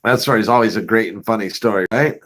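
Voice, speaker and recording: A man's voice: lowish voice, fast. A man casually telling a story on his own show, swearing often, laughing now and then, and acting out the scenes. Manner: profane, laughing, animated retelling. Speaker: vlogger.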